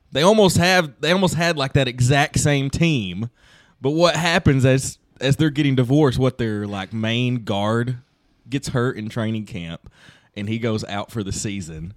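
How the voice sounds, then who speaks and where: A man's voice: mid-range voice, no echo. A man co-hosting a podcast who makes wisecracks during casual chat. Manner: wisecracking, quick to joke. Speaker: podcast co-host.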